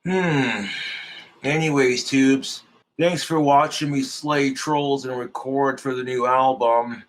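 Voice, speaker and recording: A man's voice: mid-range voice, fairly even intonation, takes it slowly. A man streamer delivering a crude, combative comedic rant full of swearing.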